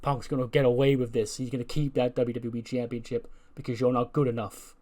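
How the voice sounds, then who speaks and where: A mocking male wrestler heel, put on by a man narrating a game. He heaps sarcastic praise on his rival in an ordinary middle-pitched voice. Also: little pitch movement, brisk, warm tone, lightly acted.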